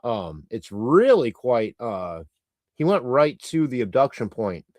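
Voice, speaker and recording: A man's voice: medium pitch, big pitch swings, slow pace, a little mellow, no echo. A man hosting a live stream, chatting loosely and reading out viewer comments in a rambling, irreverent way with casual swearing. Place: lives in Canada.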